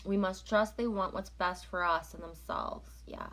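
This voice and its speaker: A woman's voice: fairly low pitch, steady tone, normal speed, fairly bright tone. A woman from Canada chatting casually on a live stream, rambling as she reads out viewer comments and oracle cards.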